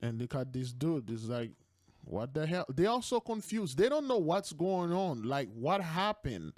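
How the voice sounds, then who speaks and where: A man's voice: fairly high pitch, sing-song, unhurried, a little mellow, no echo, clean studio sound. A man commenting over video clips as an online preacher, repeating his points emphatically and addressing listeners as beloved.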